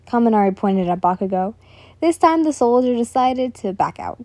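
A woman's voice: fairly high pitch, lively intonation, normal speed, dark tone, dry recording. Woman casually reading fan fiction. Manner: casual, corrects her own slips aloud.

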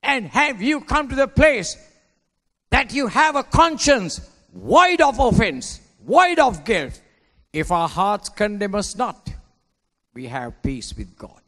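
Impassioned pastor preaching in a big hall. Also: male voice, very high voice, sing-song, slow pace. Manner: dramatic preaching, swinging between hushed and shouted lines. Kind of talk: sermon. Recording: long hall reverb.

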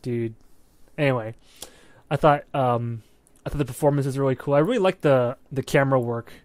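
A man's voice: medium pitch, a little fast, a little hiss or hum. A man co-hosting a movie podcast, talking casually and with plenty of swearing, often checking in with "right?". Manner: animated, profane, keeps checking in with "right?". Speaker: podcast co-host. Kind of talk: casual movie review chat.

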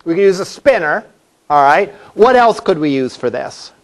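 Lively male college instructor lecturing. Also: on the high side, moderate pace. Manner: conversational, asks the class questions. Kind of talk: classroom lecture. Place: classroom.

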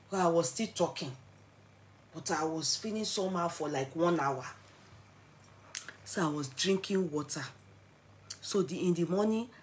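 There's slight background noise behind this middle-aged Nigerian woman, whose voice sits on the low side. In her vlog she shares a personal tale to camera, dramatic and animated, switching among English, pidgin and Yoruba.

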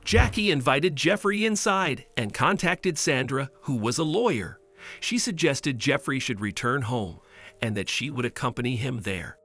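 A man reading a scripted story in a steady storytelling way. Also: medium pitch, normal speed. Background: faint music.

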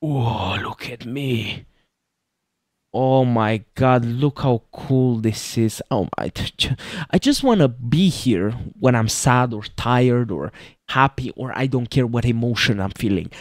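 A man in the middle of his range narrates a game he adores, gasping, laughing and gushing as he plays. His voice swings from loud bursts to near-whispers. The sound is dry and close, with no room around it. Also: medium pitch, animated, unhurried, no echo. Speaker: gaming youtuber. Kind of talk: excited let's-play commentary.

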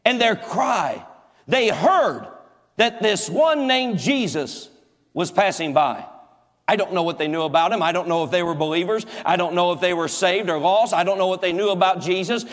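A pastor preaching a sermon, folksy and joking, with emphatic repetition. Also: male voice, high voice, normal speed. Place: large church hall. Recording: echoey church hall.

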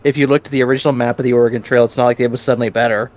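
A man's voice: mid-range voice, little pitch movement, racing, darkish tone. A man with a mid-range voice chimes in on a retro game playthrough, dry and teasing. He nitpicks the details and corrects his co-host. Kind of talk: casual gameplay commentary.

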